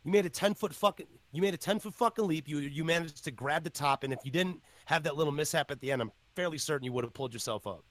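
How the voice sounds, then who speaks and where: A man hosting a casual podcast, excitable and loud, swearing often. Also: a little high, quick pace, few pauses. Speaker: podcast host.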